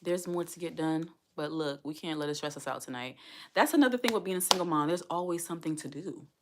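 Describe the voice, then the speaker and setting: A woman's voice: deep voice, quick pace, background noise. A woman vlogging as a single mom, talking earnestly and heartfelt to her viewers and repeating herself for emphasis. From United States. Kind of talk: casual livestream talk to viewers.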